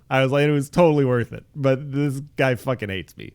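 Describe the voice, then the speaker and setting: A young man chatting on a podcast about his past. He tells it with loose, profane energy and leaps into high, excited voices whenever he acts out his own lines. His pitch sits in an ordinary middle range. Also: brisk, few pauses, clear, resonant tone. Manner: animated, swears freely, jumps into high excited voices when quoting himself. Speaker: podcast co-host. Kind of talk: casual storytelling chat.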